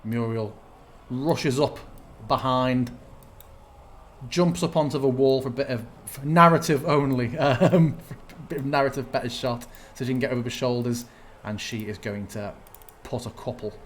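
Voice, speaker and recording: A man's voice: mid-range voice, normal speed, slight background noise. A man narrating a tabletop game as game master, thinking aloud as he checks rules.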